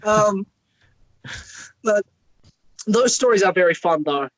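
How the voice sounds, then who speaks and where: A man's voice: high-pitched, expressive, no echo, low-quality recording. Opinionated man on a dry call mic. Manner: opinionated, thinks aloud with pauses. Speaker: panelist. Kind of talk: casual film discussion. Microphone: video call.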